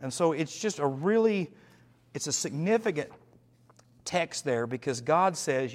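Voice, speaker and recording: A man leading an evening Bible study as pastor, earnest, slowing and dropping his voice for emphasis and asking the group questions. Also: on the high side, expressive.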